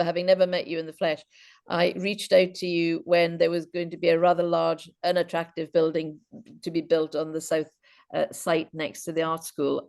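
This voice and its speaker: A woman's voice: low voice, vocal fry, a little mellow. A woman, speaking as a guest over a video call, telling chatty stories full of false starts. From Britain, half Welsh half Scottish. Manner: chatty anecdotal storyteller with frequent false starts. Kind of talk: informal Q&A chat.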